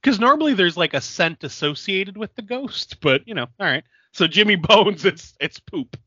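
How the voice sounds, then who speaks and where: A man's voice: sits high, animated, moderate pace, bright, forceful tone, husky, no echo, dull audio. A man co-hosting a podcast, recapping a film in casual chat, laughing often and filling his talk with "like". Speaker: podcast co-host.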